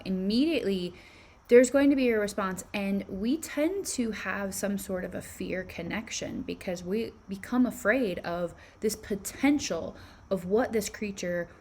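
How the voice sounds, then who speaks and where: A woman teaching spirituality, leading listeners through a guided visualization with calm, reflective questions. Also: medium pitch.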